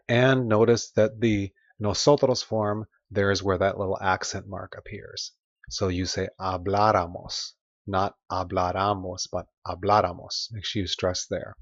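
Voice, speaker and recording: A man's voice: lowish voice, no room sound, dull audio. A man teaching a recorded grammar lesson, patiently modeling words for listeners to repeat. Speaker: Spanish teacher.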